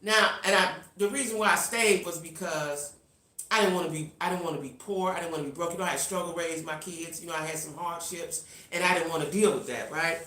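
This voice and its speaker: A middle-aged woman hosting a live stream, telling a personal story in a casual, animated way and talking straight to her viewers. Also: lowish voice, fairly quick, reverberant. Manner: reads out viewer comments. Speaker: livestream host.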